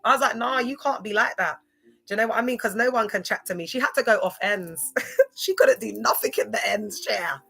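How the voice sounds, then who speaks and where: A woman's voice: mid-range voice, fast talker, creaky, sharp tone, breathy edge. A young woman chatting casually to viewers on a livestream, laughing often. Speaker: livestream host.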